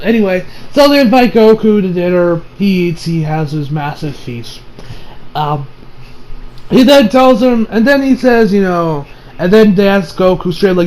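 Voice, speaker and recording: A man's voice: sits high, expressive, moderate pace, a little mellow. A man giving a casual anime episode review in a rambling, slangy way, full of fillers and loose asides.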